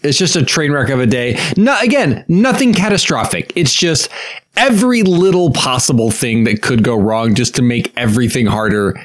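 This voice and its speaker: A man's voice: medium pitch, expressive, normal speed. A man in his thirties co-hosting a casual podcast, venting with exasperated sarcasm and bursts of laughter. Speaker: podcast co-host. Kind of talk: casual chat.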